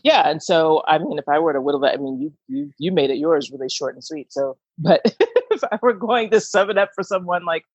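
A woman's voice: deep voice, animated, fairly quick, darkish tone, slightly rough, no echo. A woman in casual conversation, talking in a thoughtful, reflective way and laughing often. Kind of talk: casual chat. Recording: dull lo-fi dry sound.

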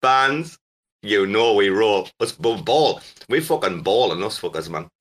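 A man hosting a casual chat, teasing and swearing, breaking into loud laughs. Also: lowish voice, animated, moderate pace. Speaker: host.

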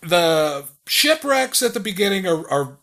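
A man gushes about the films he loves on a casual podcast, his voice bright and fairly high. His pitch swings widely as he gets excited, and the whole delivery is lively and enthusiastic. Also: a little slow, vocal fry. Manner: enthusiastic, gushing, animated. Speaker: podcast co-host reviewing films. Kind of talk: casual chat.

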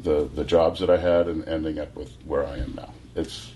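A man in his sixties from California, a guest telling rambling, animated stories full of restarts. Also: very deep voice, normal speed, slight background noise. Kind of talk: casual storytelling.

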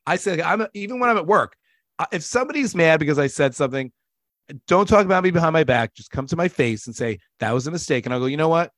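A man hosting a casual conversational interview, talking in an animated, emphatic way and often running over others. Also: a little high, fast, dry recording, studio quality.

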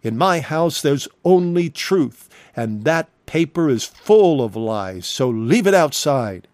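A man's voice: a little high, very animated, slow, a little mellow, no echo. A preacher voicing a stern, forbidding old male evangelist who gives blunt commands. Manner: curt, commanding.

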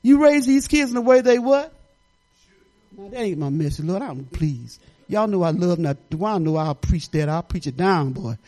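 A woman's voice: on the low side, expressive, normal speed, mellow. An older woman giving a rambling, chatty testimony at church, often laughing and restarting her sentences.

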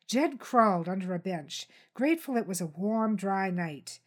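Female audiobook narrator, steady dramatic delivery, gritty thriller read. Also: medium pitch, moderate pace. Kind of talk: scripted narration.

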